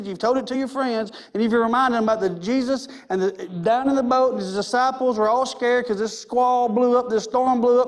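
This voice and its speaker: High-voiced emphatic male preacher. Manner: emphatic, repetitive preaching with rhetorical questions. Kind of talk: sermon. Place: church sanctuary.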